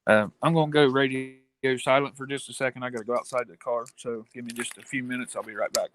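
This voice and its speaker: American man, folksy rough talk, casual call-in chat, mid pitch. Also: fairly even intonation, fast talker, fairly bright tone, slight background noise. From United States. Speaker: guest caller.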